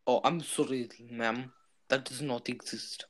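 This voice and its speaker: A man's voice: medium pitch, fairly even intonation, slow pace, fairly bright tone, voice pushed down. A young man playing a stiff, formal restaurant waiter with a put-on Russian accent. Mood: stern.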